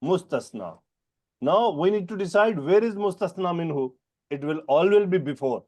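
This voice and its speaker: Male teacher, non-native English, mellow tone, higher pitch, Quran grammar lesson, quizzing students. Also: lively intonation. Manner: questioning students by name, explaining terms slowly.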